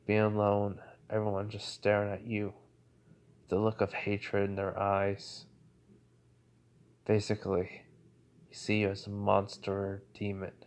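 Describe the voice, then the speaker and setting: Teen ninja boy, loyal, lonely past, talks plainly in an everyday mid-pitched voice, as a man does his lines. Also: a little slow, clear, resonant tone, lightly acted. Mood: somber. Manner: plain speaking voice, little change from narration.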